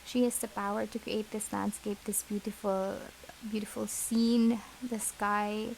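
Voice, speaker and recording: A woman giving a gentle, reassuring pick-a-card tarot reading, talking to her viewers with many fillers. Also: medium pitch, flat delivery, unhurried, gravelly, a little hiss or hum, rough recording. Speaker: tarot reader.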